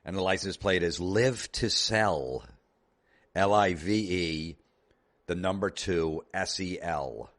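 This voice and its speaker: A male comedy show host delivers a comedic rant in a low, slow, fairly bright voice. He comes across as sarcastic, profane and exasperated.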